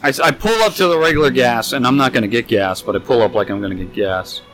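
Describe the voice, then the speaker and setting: A man's voice: mid-range voice, fast talker, fairly bright tone. A young man co-hosting a podcast, tipsy, telling a rambling, profane story and getting exasperated at his friend. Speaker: podcast co-host. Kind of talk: casual storytelling chat.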